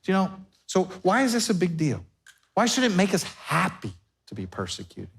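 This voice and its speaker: Man preaching a lively sermon. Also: sits high, normal speed, vocal fry. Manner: conversational preaching with playful hypothetical dialogues. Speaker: pastor. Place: church sanctuary before a congregation.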